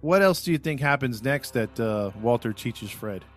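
A man's voice: medium pitch, expressive, normal speed, soft background music. A man hosting a podcast in casual chat, telling a story with jokes and laughs. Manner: jokey storyteller, laughs often. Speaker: podcast host.

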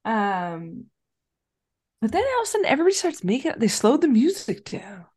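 A woman co-hosting a podcast, retelling a film's scenes in an animated, casual way with crude humor. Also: a little high, normal speed, breathy edge. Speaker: podcast co-host. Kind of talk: casual chat, recapping a film.

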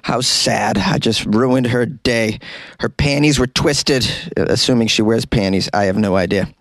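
A man's voice: mid-range voice, measured pace, no echo. Sarcastic man hosting a comedy podcast. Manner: reads news aloud, then riffs sarcastically. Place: small closet.

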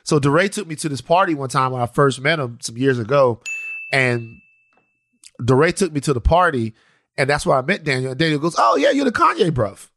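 A man co-hosting a podcast in casual chat, animated and prone to restarting and repeating his phrases. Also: medium pitch, fairly quick, dry recording. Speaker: podcast co-host.

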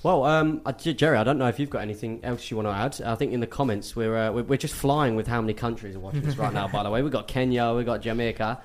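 A man's voice: medium pitch, quick pace, few pauses. A man hosting a football podcast from a studio, upbeat as he thanks the viewers and plugs the channel. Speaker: podcast host. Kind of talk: casual football podcast chat.

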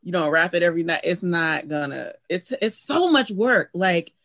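A woman chatting casually about a film on a podcast, relaxed and full of filler words. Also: lowish voice, normal speed, dry recording. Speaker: podcast panelist.

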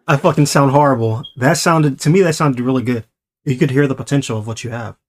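A young man hosting a podcast in an easygoing, mid-pitched voice. He talks casually, swears a lot and encourages his guest. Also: fairly quick. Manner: laid-back, swearing, encouraging. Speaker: podcast host.

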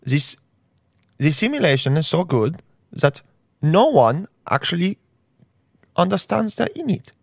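A man's voice: on the high side, quick pace, no echo, studio quality, lightly acted. A man doing an impression of a know-it-all male tech billionaire who over-explains simple things and slips between accents. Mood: lecturing. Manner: lecturing, drifts into other accents. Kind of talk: comedic impression.

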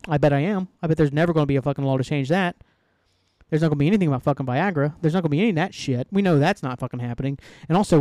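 A man hosts his own solo podcast in a fairly high, warm voice, recorded at studio quality with no echo. He talks casually but rants heatedly, swearing a lot and rambling with plenty of fillers, especially "like."

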